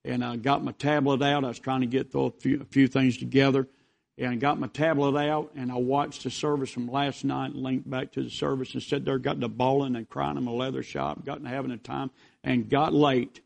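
Gravelly preacher man. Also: medium pitch, level tone, moderate pace, darkish tone. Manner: folksy, rambling storytelling. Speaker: visiting preacher. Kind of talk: revival sermon.

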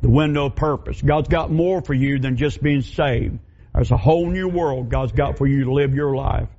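Folksy preacher man, slightly high voice. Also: warm tone. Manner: folksy storytelling, acts out quoted voices. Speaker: pastor. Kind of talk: sermon. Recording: dull lo-fi sound.

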